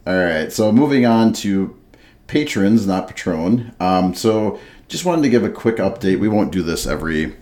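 Man, low voice, easygoing co-host banter. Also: lively intonation, moderate pace, darkish tone. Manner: joking, reads beer label aloud. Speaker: podcast co-host. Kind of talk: casual chat.

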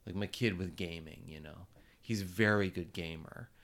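Podcast host guy, lowish bright clean voice, thinking out loud, casual. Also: moderate pace. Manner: reflective, acts out quoted voices. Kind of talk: casual conversation.

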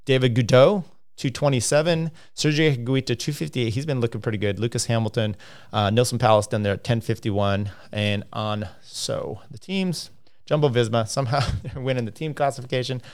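A man's voice: medium pitch, fairly quick. A man hosting a casual cycling livestream, rambling with lots of fillers and restarts as he talks through standings and viewer comments.

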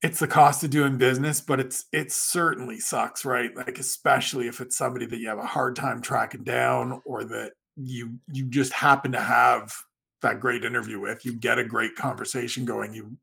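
Gravelly, bright-voiced man from Canada. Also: medium pitch, steady tone, normal speed. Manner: explains at length, gives advice. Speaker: guest, MMA writer. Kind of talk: casual podcast chat.

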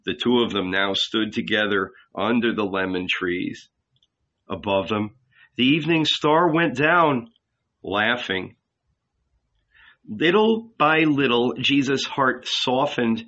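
A male narrator reads a literary novel aloud in slow, measured tones. His voice is bright and clear, though the recording itself sounds dull and lo-fi. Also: medium pitch, expressive. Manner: slow, measured, solemn reading. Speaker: audiobook narrator.

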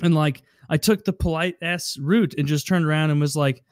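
Animated man in loose banter. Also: normal speed, dry recording, clean studio sound. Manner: animated, swearing, acts out quotes in a higher voice. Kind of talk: casual chat.

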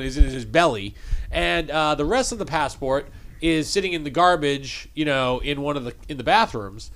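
Animated New man, higher voice. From New England. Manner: animated storyteller, rambling restarts. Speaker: podcast co-host. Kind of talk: casual chat.

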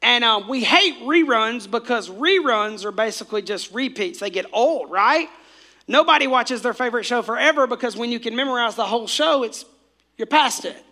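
High, bright-voiced man preaching a sermon. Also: lively intonation, moderate pace. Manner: exclamatory, repetitive, calls for congregation responses. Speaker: pastor.

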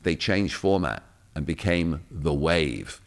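English male radio personality, deep low voice, chatty anecdotal delivery. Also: slow. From England. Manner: lively storyteller, acts out quotes. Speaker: guest radio DJ. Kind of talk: casual chat, anecdotes.

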